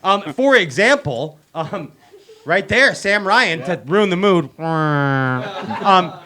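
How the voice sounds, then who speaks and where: High, lively, bright-voiced male host. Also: takes it slowly, a little hiss or hum. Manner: excitable, joking, hype-man announcing. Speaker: show host. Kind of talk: live show banter. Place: bar venue with live audience.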